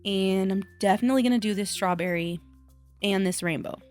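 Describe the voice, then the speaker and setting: A woman crafter talking casually to her viewers in a chatty, self-deprecating way, thinking out loud as she works. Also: medium pitch, a little fast, faint music behind. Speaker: craft vlogger. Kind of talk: casual voice-over vlog.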